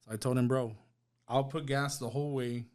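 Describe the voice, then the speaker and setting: A man speaks in a low-key, monotone voice with little rise and fall, telling his own story as a podcast guest. He halts often, restarts and repeats words, and voices the people he quotes in his own plain tone. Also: brisk. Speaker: guest sharing a personal testimony. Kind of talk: emotional personal storytelling. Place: podcast studio.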